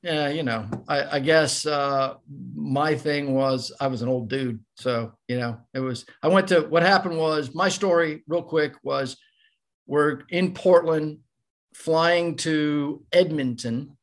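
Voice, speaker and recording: An older man with a gravelly, creaky voice tells a long story on a podcast. He is animated and acts out the voices of the people he quotes. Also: a little high, slow pace. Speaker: podcast guest, former ballplayer. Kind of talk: casual storytelling.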